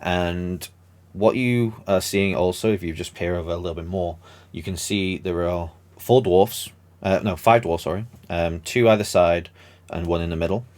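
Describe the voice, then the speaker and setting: Deep-voiced rambling game master. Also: male voice, normal speed, a little mellow. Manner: rambling, full of ums. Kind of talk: narrating a tabletop game.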